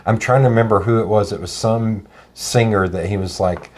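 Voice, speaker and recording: A man's voice: fairly low pitch, steady tone, a little fast, a little mellow. A man co-hosting a podcast, chatting casually in a rambling, laid-back way. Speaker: podcast co-host. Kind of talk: casual chat.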